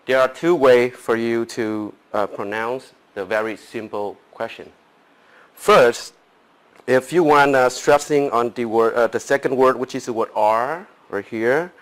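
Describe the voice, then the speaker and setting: A man teaching English phrases, leaning hard on stressed words. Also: mid-range voice. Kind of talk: pronunciation lesson.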